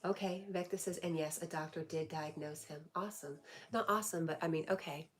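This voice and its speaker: A woman's voice: low-pitched, steady tone, a little fast, a little mellow. A woman hosting a casual livestream, reading viewer comments aloud and answering them in a chatty way. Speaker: livestream host. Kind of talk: casual live chat.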